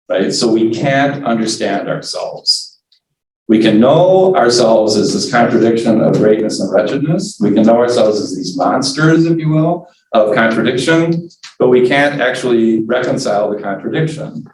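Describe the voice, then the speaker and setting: A man's voice: mid-range voice, far from the mic. A man teaching a church forum class in a conversational way, often checking in with "right?" and acting out inner voices. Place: church meeting room. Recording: roomy church space, voice from off mic.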